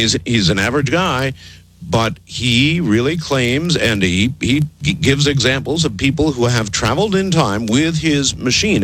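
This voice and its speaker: A man hosting a call-in radio talk show, taking callers and talking emphatically to his listeners. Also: slightly rough. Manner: animated, emphatic, swoops low for mock voices.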